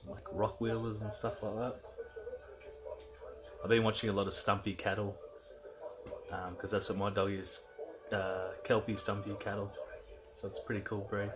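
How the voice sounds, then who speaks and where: An Australian man rambling casually through a video diary in a laid-back, slangy way. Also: lowish voice. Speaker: vlogger.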